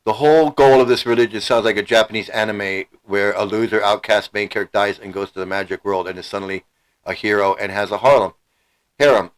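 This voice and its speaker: A man's voice: lowish voice, steady tone, a little fast, low-quality recording. A middle-aged man hosting a livestream, ranting heatedly and emotionally, repeating himself and swearing. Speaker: channel host. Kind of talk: angry livestream rant.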